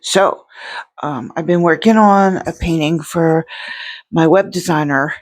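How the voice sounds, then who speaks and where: Casual artist vlogger at home, rambly and self-interrupting, plain mid-pitched voice. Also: unhurried. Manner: rambling, self-interrupting, lots of restarts and fillers. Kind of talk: casual vlog talk. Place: indoor home studio. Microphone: separate microphone.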